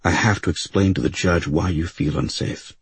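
A man reading the part of a calm male defense lawyer who questions his client quietly and patiently. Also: deep voice, normal speed, slightly rough, no room sound, exaggerated voice. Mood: gentle, measured.

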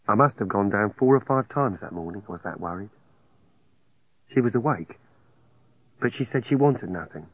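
Male narrator with a husky voice; plain, halting first-person telling, recorded dry and a little dull. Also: lowish voice, expressive, no room sound.

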